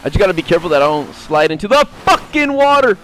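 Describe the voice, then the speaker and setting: A man giving casual, foul-mouthed gameplay commentary, swinging between low mutters and sudden yelps. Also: big pitch swings, fast, rough recording. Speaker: gaming streamer.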